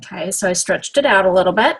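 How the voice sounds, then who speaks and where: This woman talks fast and animatedly, her medium-pitched voice fairly bright with a breathy edge. Walking through a nail application step by step, she keeps it chatty and often asks "okay?"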